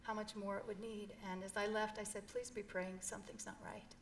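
A woman's voice: mid-range voice, little pitch movement, fairly quick, a little hiss or hum. A middle-aged woman telling an emotional personal story in an interview, earnest and heartfelt. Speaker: guest.

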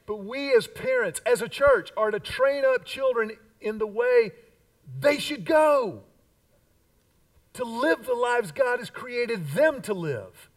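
A man's voice: very high-pitched, animated, slow pace, recorded from a distance, poor audio. A man in his fifties preaching a sermon as pastor, with emphatic repeated lines and call-and-response. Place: church sanctuary.

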